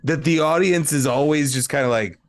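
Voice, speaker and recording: A man's voice: a little high, moderate pace. A man co-hosting a casual movie review chat, blunt and joking, swearing freely. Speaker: podcast co-host.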